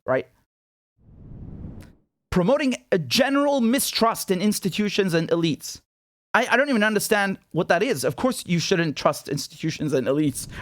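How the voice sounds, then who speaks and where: A man's voice: high-pitched, dry recording. A man from Britain hosting his own commentary show, speaking in an incredulous, sarcastic manner with many repeated rhetorical questions. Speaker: independent journalist and show host. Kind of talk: commentary monologue to camera.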